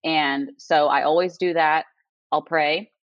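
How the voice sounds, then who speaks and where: A young woman with a notably low voice speaks earnestly and from the heart, trailing in easy "you know"s and "like"s. The sound is dull and lo-fi, dry with no room around it. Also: steady tone, slow pace, no echo. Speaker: guest. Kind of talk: casual faith testimony chat. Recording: dull lo-fi audio.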